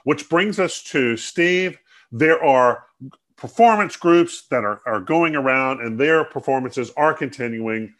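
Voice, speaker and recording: A man co-hosting a casual talk show, speaking in halting bursts with frequent restarts and fillers. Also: medium pitch, expressive, a bit bright. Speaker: co-host. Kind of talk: casual chat.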